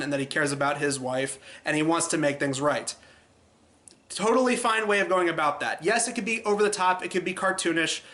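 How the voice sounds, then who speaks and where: Bright-voiced chatty film reviewer, man. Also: a little high. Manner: chatty, exasperated, animated.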